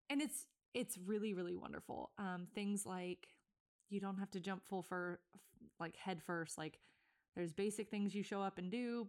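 Chatty, breathless woman podcast host. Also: medium pitch. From Virginia, USA. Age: 30s. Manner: chatty and rambling, many fillers and self-corrections. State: a bit out of breath. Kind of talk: casual solo podcast intro.

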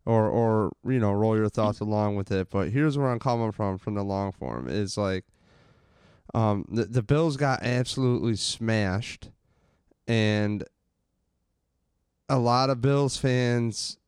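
A man rants about his team in loose, profane bursts. His voice is smooth and clean, recorded close and dry with no room sound. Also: fairly low pitch, a little mellow, no echo. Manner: ranting, profane, fast and rambling. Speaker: podcast co-host. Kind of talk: casual sports chat.

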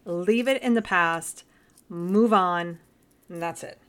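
A woman co-hosting a casual chat, telling a story in a relaxed, soft-spoken way. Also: fairly low pitch, takes it slowly.

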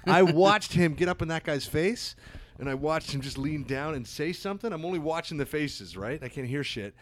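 Animated profane male comedian telling stories. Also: fairly high pitch, a little fast, a little hiss or hum. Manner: animated, profane, acts out voices in anecdotes. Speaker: stand-up comedian guest. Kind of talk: casual podcast storytelling.

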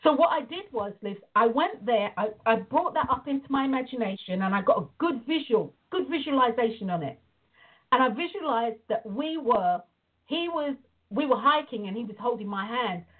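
A woman telling a story and teaching in casual talk on a call, animated, acting out the voices in her stories. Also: fairly high pitch, normal speed. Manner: animated storytelling, acts out quoted dialogue. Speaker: prayer and visualization teacher. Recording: tinny phone-like line.

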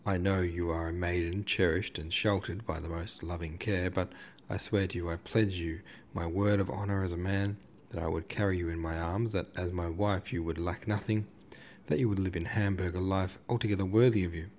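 An earnest, melodramatic suitor pleads and implores in solemn, overwrought tones, read by a man. The voice sits low and deep, with a faint hiss in the background. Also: fairly even intonation, brisk, a little mellow, close to an everyday voice. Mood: solemn pleading.

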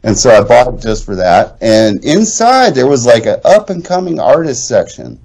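This is a middle-aged man in casual podcast chat, telling a long story with plenty of swearing. His pitch rises and falls a great deal as he acts out the people he quotes, and his voice sits in the middle range. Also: very animated, normal speed, vocal fry, darkish tone, husky, rough recording. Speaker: podcast co-host.

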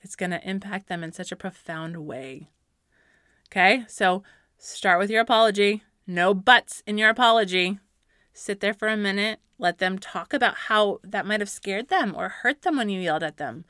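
Bright-voiced mother giving faith-based parenting advice. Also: medium pitch, normal speed, dry recording, studio quality. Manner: earnest and encouraging, with light laughs and filler words. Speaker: Christian parenting speaker, mother.

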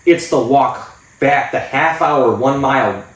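A man's voice: medium pitch, unhurried, fairly bright tone. A man telling blunt, profane stories as a podcast co-host in casual chat. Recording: echoey room, distant mic.

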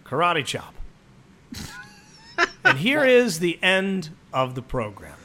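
This podcast co-host has a slightly high voice that swoops wildly in pitch, delivered slowly with a bright, forceful tone. He riffs crude jokes and mock announcements, swearing plenty throughout the comedic banter.

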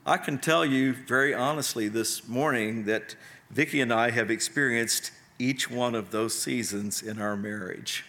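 A middle-aged man preaching a sermon in a bright, clear voice. His delivery is earnest and unhurried, and he pauses between his points. He speaks at an ordinary middle pitch. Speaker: pastor.

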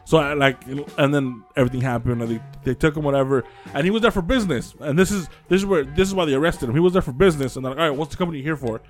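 Fast, animated man telling a story. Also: on the high side, soft background music. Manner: animated storyteller acting out quoted voices, swears freely. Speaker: podcast co-host. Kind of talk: casual chat, retelling a story.

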